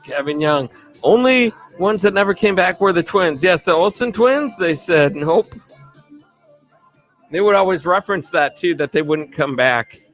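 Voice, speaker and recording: A slightly tipsy man hosts a casual live stream in a fairly high voice, rambling upbeat shout-outs to his viewers. Music plays faintly in the background. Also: lively intonation, unhurried. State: a bit tipsy. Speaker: livestream host.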